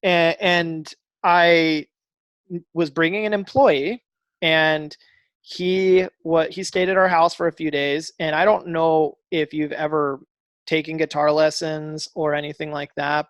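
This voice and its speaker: A man guesting on a podcast, telling a story animatedly, acting out dialogue with fillers and quick restarts. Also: on the high side, fairly even intonation, a bit bright, dry recording. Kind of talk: casual storytelling interview.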